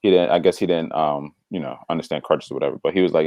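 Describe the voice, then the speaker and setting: A man in casual conversation telling a story, animated and slangy, acting out the voices of the people in it. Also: very deep voice, fast, dry recording, studio quality. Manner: slangy, drops "bro". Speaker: devotional podcast co-host.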